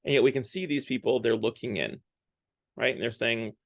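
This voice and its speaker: Guy retelling a story for a parish lent talk, chatty, lots of ums and likes, mid-pitched, dry close sound. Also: steady tone, brisk, no echo. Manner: conversational, loose, with many fillers and hedging words. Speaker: parish speaker.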